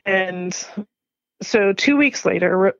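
Animated woman telling a story, dull sound. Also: slow pace, no echo. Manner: animated storyteller who laughs often and jumps up in pitch when quoting herself. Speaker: business owner interviewed as guest. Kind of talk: conversational storytelling interview.

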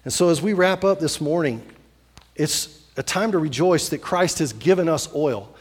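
A pastor preaching to his congregation, his voice a little higher than most men's. He tells the story with animated repetition, stacking phrase upon phrase. The sound rings with the long reverb of a church hall. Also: moderate pace, slightly rough. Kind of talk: sermon.

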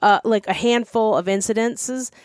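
A woman's voice: on the high side, normal speed, no room sound, clean studio sound. A woman with a Mid-Atlantic American accent, co-hosting a podcast in casual, emphatic chat. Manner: chatty and emphatic, addresses listeners as y'all. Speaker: podcast co-host.

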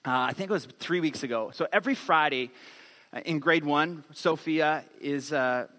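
A man in his thirties preaching a sermon on stage, telling a family story with lively acted-out quotes. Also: fairly high pitch, in a large hall. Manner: animated storytelling, acts out quotes. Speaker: pastor.

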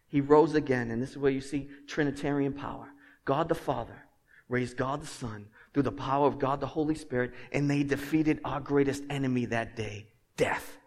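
A man preaching a sermon as pastor. He swings from hushed, earnest passages to loud, emphatic ones and jokes with the congregation. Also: medium pitch. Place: church sanctuary. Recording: long reverb of a large hall.

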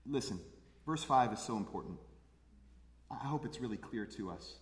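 A man's voice: mid-range voice, lively intonation, moderate pace, pauses often. A man preaching a sermon as pastor, earnest, repeating phrases for emphasis. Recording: echoey hall with long reverb.

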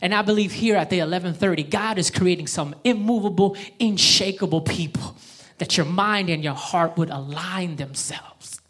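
A woman preaches to her congregation in a slightly low voice, pressing her points with emphasis and drawing the room into reading along with her. Her delivery is that of a pastor at a church service. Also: moderate pace, a bit bright. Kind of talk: sermon.

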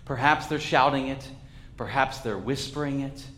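A male pastor preaching a sermon in a church, with a measured, reflective delivery and dramatic pauses. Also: medium pitch, a bit bright, roomy sound.

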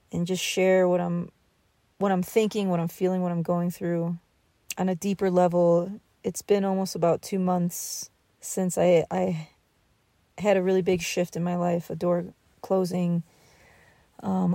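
A woman's voice: on the low side, dark tone, no echo. A woman hosting a podcast, musing aloud at an outdoor campsite at night and rambling with many fillers. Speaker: podcast host. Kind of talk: reflective outdoor monologue.

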